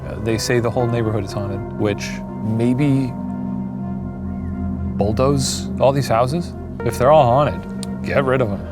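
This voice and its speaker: A man's voice: mid-range voice, unhurried, pauses often, over loud music. A skeptical man ribbing his co-host with dry, sarcastic leading questions while they explore a house. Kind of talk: teasing banter.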